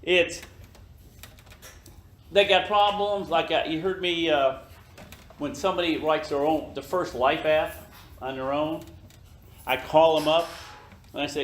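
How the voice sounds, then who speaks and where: An older man giving a slow, emphatic motivational talk to his team in an office meeting room, now and then acting out little scenes in other voices. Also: on the high side, steady tone, fairly bright tone. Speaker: business leader speaking to his team. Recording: echoey room.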